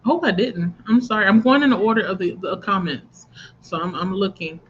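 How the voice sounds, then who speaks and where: A woman's voice: mid-range voice, fairly quick. A woman hosts a casual reading-sprint livestream, greeting viewers and reading their comments aloud with easy laughter. The sound is a little muffled, with a faint hiss underneath. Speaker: book channel host running a reading sprint livestream.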